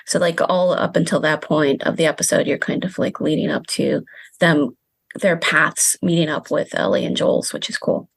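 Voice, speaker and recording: Lower-voiced woman, thoughtful and halting. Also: steady tone, creaky, husky, no echo. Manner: hesitant, many fillers like "um" and "like". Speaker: guest media studies professor. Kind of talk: casual analytic chat.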